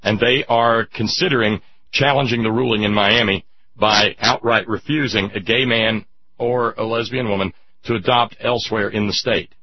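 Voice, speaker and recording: A man's voice: fairly low pitch, fairly even intonation, normal speed. A man hosting political talk radio, emphatic and sarcastic, chatting with listeners through a dull lo-fi radio recording. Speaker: radio talk show host.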